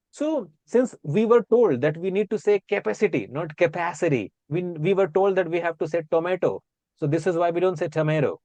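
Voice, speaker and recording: A man's voice: a little high, lively intonation, brisk, a little mellow, dry recording. A man with an Indian accent, chatting casually as a guest and explaining pronunciation by repeating example words aloud.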